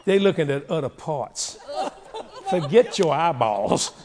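A male preacher delivering a sermon with humorous, animated storytelling, recorded in a large hall with a long reverb. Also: fairly high pitch, measured pace, a crowd in the background.

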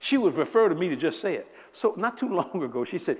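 Older man, 70s, storytelling preacher; lively, slightly high voice, laughs often, long hall reverb. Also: fast, hardly any pauses. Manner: animated, laughing, acts out quoted voices. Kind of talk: humorous sermon storytelling.

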